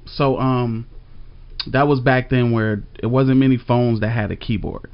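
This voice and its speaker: A man's voice: medium pitch, fairly even intonation, unhurried, smooth, no echo. A man, telling his side of a story in casual chat, laid-back and rambling. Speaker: storyteller co-host. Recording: dry, slightly dull audio.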